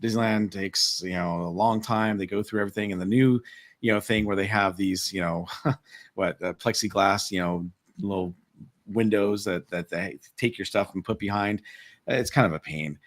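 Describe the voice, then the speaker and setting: Male podcast co-host, lower register, conversational storyteller. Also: moderate pace. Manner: animated retelling with quoted dialogue. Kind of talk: casual panel chat, storytelling.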